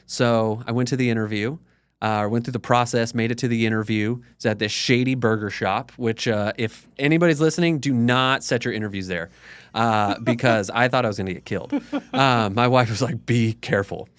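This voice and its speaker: A man's voice: medium pitch, moderate pace, clean tone, no echo. A man in his thirties, a podcast guest, telling his story in a candid, conversational way full of "like". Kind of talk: casual storytelling interview.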